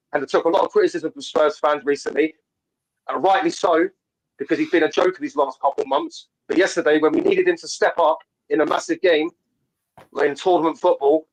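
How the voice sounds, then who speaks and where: A man's voice: on the high side, poor audio. A man calling in to a fan show over a video call, talking passionately about football in a casual way with many restarts. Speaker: caller.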